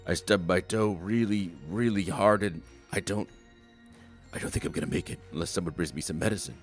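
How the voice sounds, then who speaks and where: A man's voice: low voice, fairly quick, faint music behind, voice pushed up, natural voice. A man voicing a bumbling, boastful male goblin guard in a silly, raised voice for a game. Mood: whiny.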